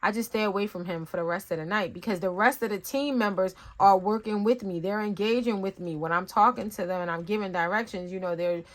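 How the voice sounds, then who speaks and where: A woman talking casually as a tarot reader, rambling and conversational with lots of fillers, telling stories in an animated way. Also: medium pitch, brisk, few pauses. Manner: animated storytelling with acted-out asides. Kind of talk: casual spiritual reading talk.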